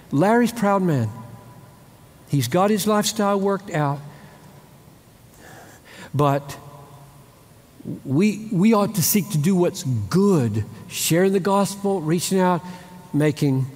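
A man preaching in a large hall with a long reverb, his voice sitting a little high for a man. He swings his pitch widely and stresses his points, repeats phrases for effect, and acts out quick bits of dialogue. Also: animated, darkish tone. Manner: emphatic, repeats phrases and acts out short exchanges. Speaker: pastor. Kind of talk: sermon.

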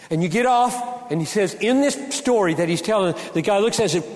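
High-voiced older man preaching in a hall. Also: normal speed. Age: 60s. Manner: animated and joking, with frequent restarts. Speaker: conference speaker. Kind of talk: conference talk with preaching. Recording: reverberant hall.

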